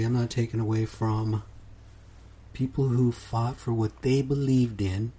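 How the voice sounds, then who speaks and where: A man's voice: lowish voice, warm tone, husky. A man hosting his own podcast in a laid-back, casual monologue, often ending sentences with "man". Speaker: podcast host.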